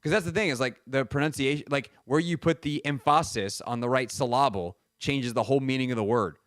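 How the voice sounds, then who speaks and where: On a studio microphone with no echo, a male sports radio host rambles casually through stories and makes fun of himself. His voice is medium-pitched and a bit bright, and he talks briskly.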